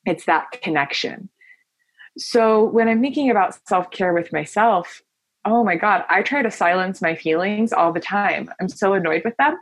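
A woman's voice: medium pitch, normal speed, no room sound. A woman, a guest on an interview, talking earnestly and animatedly as she tells a personal story. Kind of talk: conversational interview.

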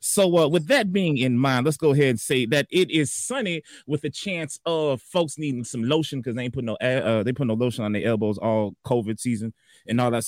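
A man's voice: mid-range voice, no room sound, studio quality. A man doing a joking weather report on a comedy morning show, loose and rambling in slangy casual talk.

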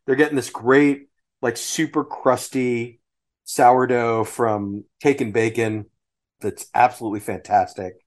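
A man's voice: mid-range voice, measured pace. A man hosting a podcast, chatting casually and listing dishes with frequent restarts. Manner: relaxed, restarts phrases while listing dishes. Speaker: podcast host. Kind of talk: casual chat.

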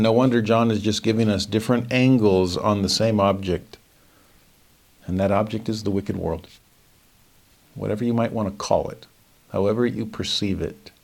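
A middle-aged man teaching a verse-by-verse scripture lesson, expressive, moving between lively asides and quiet emphasis. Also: on the low side. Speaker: Bible teacher.

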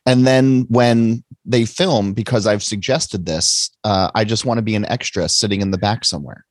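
A man's voice: fairly low pitch, normal speed, no echo. Joking male host, dry room. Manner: light, joking, lots of short agreements. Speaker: interview host. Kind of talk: casual interview chat.

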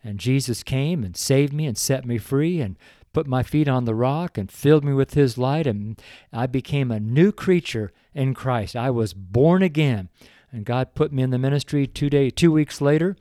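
An older male preacher talks in a warm, mellow voice, earnest and openly emotional. He drifts into folksy asides before returning to his letter and leading a heartfelt prayer. The sound is dry and close, with no room behind him. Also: medium pitch, lively intonation, moderate pace, no echo. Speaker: pastor. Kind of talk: sermon read from a weekly letter, with prayer.

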